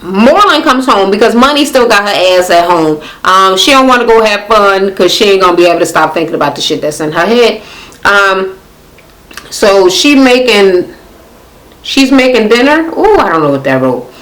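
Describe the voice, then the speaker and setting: A woman's voice: medium pitch, expressive, moderate pace, a bit bright, rough recording. A young woman casually recapping a reality show, sassy and profane, mimicking the cast in mocking voices.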